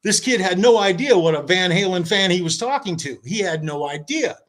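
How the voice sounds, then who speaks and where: Animated storytelling man, slightly high voice. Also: brisk. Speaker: podcast guest. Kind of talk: casual storytelling chat.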